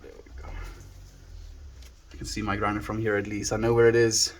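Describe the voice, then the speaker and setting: A man's voice: lowish voice, level tone, a little fast. A South African man from South Africa chatting casually on a livestream from home into a handheld phone, musing aloud and thanking viewers by name.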